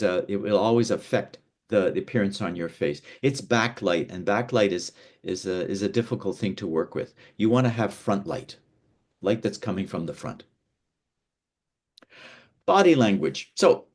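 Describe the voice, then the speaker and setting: A man's voice: on the low side, darkish tone. A man from North America teaching an online lesson on speaking and presentation, with frequent restarts and emphatic demonstrations while seated indoors. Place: seated indoors, away from a window.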